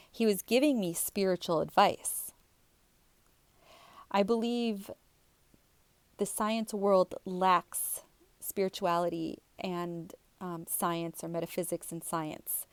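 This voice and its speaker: A woman's voice: lowish voice, no room sound. A woman vlogger telling a personal story to her viewers in a chatty, rambling way, with fillers and restarts. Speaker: spiritual vlogger.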